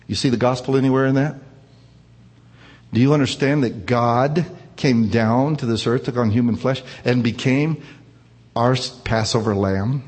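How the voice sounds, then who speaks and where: A man's voice: medium pitch, normal speed, a little mellow. A man preaching a sermon, retelling a scripture story with emphatic rises and falls. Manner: emphatic preaching, rising and falling. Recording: long hall reverb.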